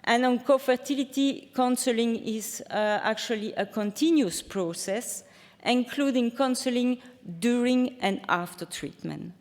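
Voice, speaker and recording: A woman's voice: fairly high pitch, unhurried, a little mellow. Woman presenting in a reverberant hall. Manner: hesitant, many fillers and restarts. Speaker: conference speaker. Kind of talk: academic presentation and Q&A answers. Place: conference hall.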